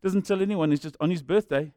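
A man's voice: high-pitched, fast, dark tone, no room sound, studio quality. A man with a South African accent preaching a sermon as a jokey storyteller who acts out the people in his stories.

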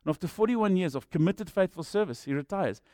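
Lively South African preacher, animated. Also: male voice, sits high, a little fast, no room sound, studio quality. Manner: animated and jokey, acts out the people in his stories. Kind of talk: storytelling sermon.

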